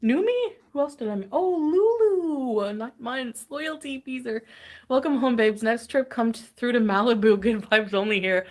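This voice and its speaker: A woman's voice: a little high, moderate pace. A woman chatting casually on a livestream, tired and giddy, greeting viewers with bubbly squeals. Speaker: livestream host.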